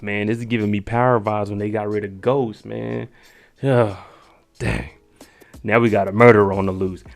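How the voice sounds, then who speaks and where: A man hosting his channel, giving an animated, slangy, casual recap of a TV episode and laughing often. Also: on the low side, creaky.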